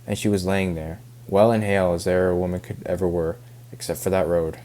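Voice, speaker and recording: A man reading aloud as a self-pitying older backwoods farmer, halting over the rural dialect. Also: low-pitched, flat delivery, warm tone, a little hiss or hum, close to an everyday voice.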